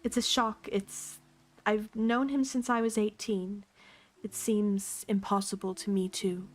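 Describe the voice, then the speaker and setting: A woman reading aloud who voices a tactful, formal British man, putting on a British accent and speaking in a polite, measured, gently grave way. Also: medium pitch, level tone, natural voice. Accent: British (put on).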